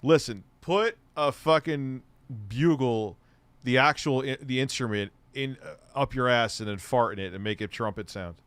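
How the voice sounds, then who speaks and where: A man in his forties hosts with a mid-pitched, ordinary voice. He rambles through crude jokes and stammers over his restarts. The recording is dry and close. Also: moderate pace, a bit bright, smooth, no room sound. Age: 40s. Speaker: show host. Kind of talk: casual chat.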